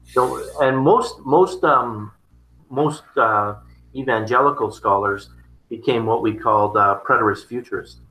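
A man's voice: medium pitch, measured pace, bright, forceful tone, roomy sound, poor audio. A man in casual conversation about theology, rambling and repeating his words. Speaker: theology discussion partner.

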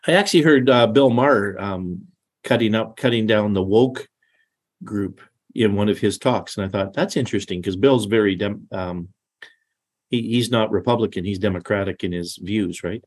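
A middle-aged man with a fairly low voice talks through a scripture passage in an easygoing, conversational way. He wanders into asides and keeps restarting his sentences. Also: normal speed. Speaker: Bible study co-host. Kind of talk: casual Bible discussion.

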